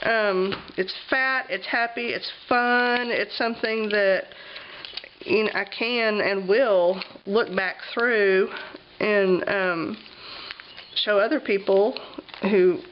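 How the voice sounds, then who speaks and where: A woman's voice: medium pitch, fairly even intonation, takes it slowly, lo-fi sound, a little hiss or hum. A woman with a cough, chatting casually with lots of ums as she flips through her travel journal. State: has a cough, clears her throat. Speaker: vlogger.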